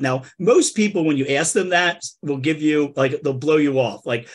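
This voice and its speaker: A man's voice: fairly high pitch, animated, normal speed, breathy edge. A man hosting a comedy podcast, telling a funny story in a playful way and talking straight to the listeners. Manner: playful, addresses listeners as folks. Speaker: podcast host. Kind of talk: comic storytelling.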